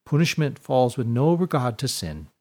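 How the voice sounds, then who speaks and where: A man's voice: medium pitch, very animated, moderate pace, darkish tone. A man voicing a defiant, dry-witted young woman in a storybook reading, with wry, unbothered delivery and rural vowels.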